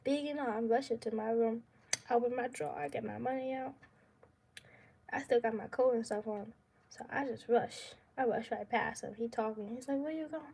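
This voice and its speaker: A young woman with a fairly high voice tells a story from her own life on her vlog. She talks casually and in slang, and she turns dramatic and laughs through the tense parts. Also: steady tone, normal speed, vocal fry, warm tone, breathy edge. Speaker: vlogger.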